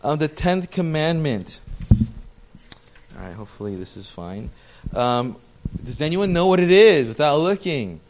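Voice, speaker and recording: A man's voice: a little high, big pitch swings, a little slow, a little mellow, a little hiss or hum. A young male pastor giving a casual, chatty sermon, joking with his congregation and poking fun at himself. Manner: chatty, self-deprecating, talks with the audience.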